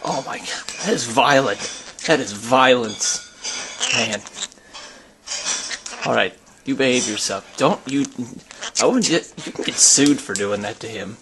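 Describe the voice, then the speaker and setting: A young man talking casually to his handheld camera in a daily vlog, chatty and excitable, breaking into squeals. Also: mid-range voice, measured pace, long pauses, background noise. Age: young adult. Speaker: vlogger. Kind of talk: casual daily video blog. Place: at home, in a car and outdoors on campus.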